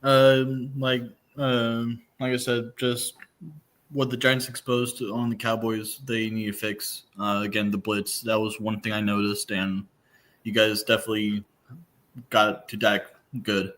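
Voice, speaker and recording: A man's voice: lowish voice, little pitch movement, measured pace, a bit bright. A man talking as a podcast guest, hesitant and full of fillers, searching for what to say. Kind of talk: casual sports talk.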